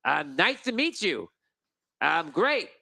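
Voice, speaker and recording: A man putting on a slow, pompous gnome lord. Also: fairly high pitch, very animated, vocal fry, sharp tone, voice pushed up, exaggerated voice. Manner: slow, stately and self-important.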